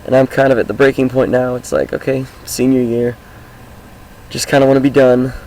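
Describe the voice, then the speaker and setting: This Washington State high schooler vlogs a casual introduction of himself from atop his car outside, upbeat and rambling with plenty of fillers. Hoarse, groggy, and gravelly, his teen voice is medium-pitched, level, brisk, and mellow. The rough recording carries a slight hiss or hum.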